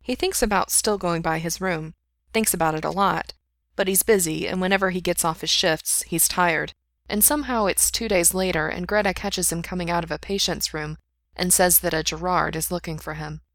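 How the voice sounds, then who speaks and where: A woman reads a fan-written story aloud at an even, unhurried pace. Her voice sits on the low side and the sound is close and dry, with no room around it. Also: dry recording. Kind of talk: reading fan fiction aloud.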